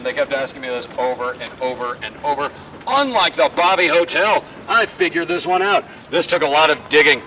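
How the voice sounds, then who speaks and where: A man leading a walking tour outdoors, telling stories in a lively, joking way. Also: on the high side, a little fast. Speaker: tour guide. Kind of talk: guided walking tour talk. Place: outdoors on a city street. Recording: distant outdoor mic, faint street noise.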